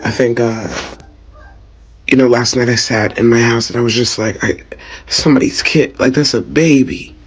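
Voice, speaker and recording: A man's voice: medium pitch, steady tone, moderate pace, soft background music. A man talking in an emotional, casual vlog, rambling and hesitant, turning angry and profane.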